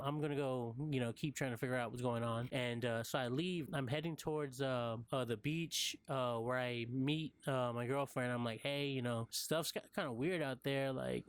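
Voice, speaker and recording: A man's voice: mid-range voice, clean tone. A young man in casual, rambling storytelling, full of "like" and "uh" fillers. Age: young adult. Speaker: college student recounting a dream.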